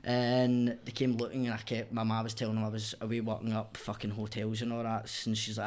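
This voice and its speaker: A man's voice: on the low side, completely flat delivery, fast, few pauses, a little mellow. A young man with a Glaswegian accent, telling his story as a podcast guest in blunt, sweary casual chat. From Scotland.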